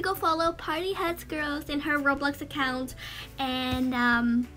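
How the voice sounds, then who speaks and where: A woman's voice: sits high, steady tone, a little slow, bright, forceful tone, faint music behind. A woman hosting a game reaction vlog, teary and gushing, often trailing off and restarting her sentences. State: teary, near crying. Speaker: gaming channel host.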